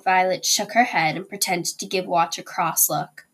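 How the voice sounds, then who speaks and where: A woman's voice: on the low side, steady tone, normal speed, few pauses, fairly bright tone, breathy edge. Woman teacher reading a chapter book aloud.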